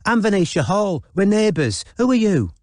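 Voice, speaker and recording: A bold, cheery young woman, played by a man reading an audiobook, gushes in a voice pushed well above his own. She sounds bright and forward. The recording is close and dry. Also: sits high, sing-song, moderate pace, dry recording, pitched above the performer's own voice. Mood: gushing.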